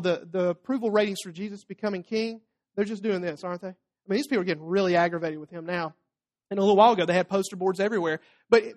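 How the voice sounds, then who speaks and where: A man preaching a sermon as pastor, talking through scripture conversationally with tag questions and playful asides. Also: high voice. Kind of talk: expository sermon.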